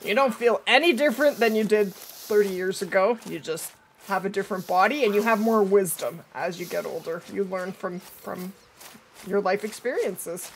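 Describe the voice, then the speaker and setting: A woman's voice: medium pitch, moderate pace, a little hiss or hum. A middle-aged woman streaming a hunting game live, chatting with viewers and answering their comments as she plays.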